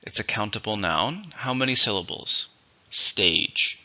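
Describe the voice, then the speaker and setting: Low, bright-voiced male English teacher. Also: big pitch swings, muffled recording. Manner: slow, deliberate explanations with repeated words. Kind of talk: vocabulary lesson.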